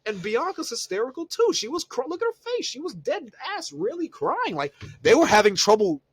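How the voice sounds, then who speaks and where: Animated, slangy male podcast co-host. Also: brisk, breathy edge, dry recording. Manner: animated storytelling, voice jumps high when excited; profane, slangy. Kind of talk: casual chat.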